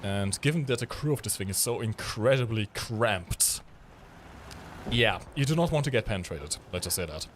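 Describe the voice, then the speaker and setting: A chatty man co-hosting a game stream, explaining as he plays and dropping fillers along the way. His pitch swings widely up and down, and a faint noise sits behind his voice. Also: animated, moderate pace. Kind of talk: casual gameplay commentary.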